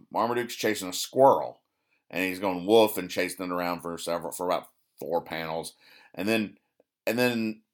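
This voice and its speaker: A podcast host with a lowish voice recaps newspaper comics in a dry, deadpan manner, rambling, tripping over words and correcting himself mid-sentence. He explains each gag in a flat, sarcastic way.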